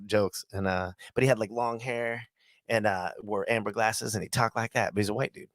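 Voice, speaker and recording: A man's voice: lowish voice, fairly even intonation, moderate pace, no room sound, studio quality. A man co-hosting a podcast in casual chat, joking around and slipping into put-on voices. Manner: jokey, slips into put-on voices. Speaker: podcast co-host.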